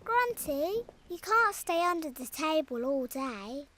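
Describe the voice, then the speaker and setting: A woman voicing a calm, reassuring little girl rabbit in a children's cartoon, speaking slowly and patiently. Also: sits high, over a noisy crowd, exaggerated voice. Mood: encouraging. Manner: patient, soothing, slow and clear.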